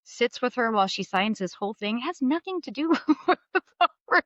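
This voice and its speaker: A middle-aged woman as a podcast guest, telling candid, animated stories and acting out the voices she quotes. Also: on the high side, fairly quick, dry recording. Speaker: guest, mortgage business leader. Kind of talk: candid storytelling interview. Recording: slightly dull studio sound.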